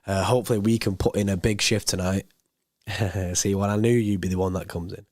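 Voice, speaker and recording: A young man with a hoarse, worn voice chats loosely on a football live stream, reading out chat messages. He rambles and repeats himself in an easy, unhurried way. The sound is dry and close to the microphone. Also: sits low, steady tone, darkish tone, no echo. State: hoarse, voice going.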